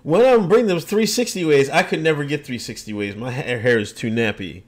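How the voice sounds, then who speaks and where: A man's voice: a little high, brisk. A man hosting a casual livestream podcast, answering viewer comments with loose, joking, sarcastic asides and frequent laughs.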